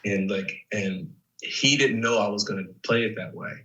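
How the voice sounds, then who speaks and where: Male actor guest, thirties, from Chicago; lively storyteller with a lowish, forceful voice, mic set back a little. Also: normal speed, recorded from a distance, highs cut off. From Chicago, USA. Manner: animated storyteller, many fillers like "like" and "man". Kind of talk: casual interview chat.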